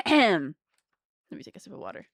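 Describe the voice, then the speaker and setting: A woman's voice: mid-range voice, huge pitch swings, moderate pace, vocal fry, dry recording, clean studio sound. A young woman streamer chatting casually with her audience, rambling with lots of "like". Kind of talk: casual live-stream chat.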